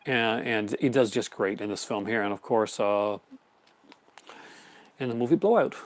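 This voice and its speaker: A man hosts a casual live stream, rambling enthusiastically about his horror film collection with many fillers and restarts while answering viewer chat comments. His voice is fairly low, at a moderate pace, with no echo.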